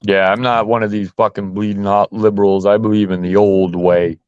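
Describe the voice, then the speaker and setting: A man's voice: fairly low pitch, level tone, a little fast, a little mellow, clean tone, no echo. Man, blunt and profane, casual chat, heated delivery, muffled dry recording. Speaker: podcast host. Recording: dull muffled dry sound.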